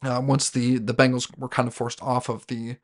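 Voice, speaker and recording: A man's voice: mid-range voice, level tone, normal speed. A man hosting a sports podcast, giving a casual solo recap of his team's game. He rambles as a fan, with many fillers and restarts. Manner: rambling, with frequent fillers and self-corrections; fan talking about his team as "we".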